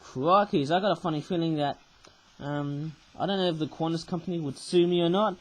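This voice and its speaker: An older man in his sixties talks through an unboxing in a high, croaky voice. He rambles and throws in jokey asides as he goes. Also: fairly quick, poor audio. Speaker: toy channel host. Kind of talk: chatty unboxing commentary.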